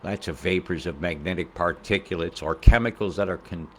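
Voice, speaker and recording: A man's voice: sits low, brisk, slight background noise. A man giving casual weather commentary over satellite images, rambling, profane and conspiratorial.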